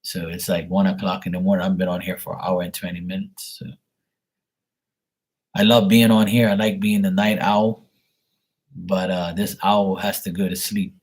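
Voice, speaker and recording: Husky-voiced man chatting on a late-night stream. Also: deep voice, flat delivery, moderate pace, a little mellow. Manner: rambling, chatty and teasing, talks to viewers by name. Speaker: livestream host reading paid questions. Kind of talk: late-night casual livestream chat to viewers.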